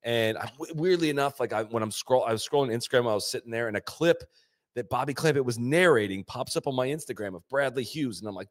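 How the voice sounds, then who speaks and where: A middle-aged man hosts a casual podcast chat, spinning a story and playing out the lines he quotes. His voice sits at a middle pitch, neither high nor low. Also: fast. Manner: animated storyteller, acts out quotes. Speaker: podcast host.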